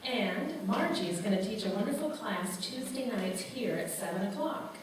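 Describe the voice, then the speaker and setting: A woman's voice: medium pitch, lively intonation, moderate pace. A woman making bubbly, chatty church announcements, recorded from a distance in a large sanctuary. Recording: echoey sanctuary from far off, noisy.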